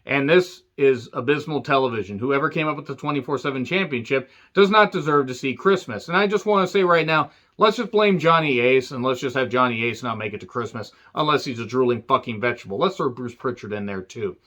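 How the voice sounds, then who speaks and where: A man's voice: medium pitch, lively intonation, fairly quick, hardly any pauses, a bit bright. A man giving a profane, sarcastic rant as he reviews a wrestling show. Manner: angry, sarcastic, swears constantly. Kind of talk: profane ranting commentary. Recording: dull lo-fi sound.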